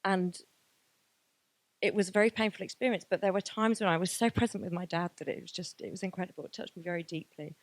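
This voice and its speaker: A woman's voice: on the low side, quick pace, dry recording. A woman, giving a candid and emotional personal testimony at a graduation event. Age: 30s. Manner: candid, emotional, many fillers. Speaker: graduation speaker.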